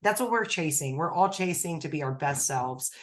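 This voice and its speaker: A woman co-hosting a podcast in casual chat, excitable and rambling with fillers. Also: deep voice, moderate pace. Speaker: podcast co-host.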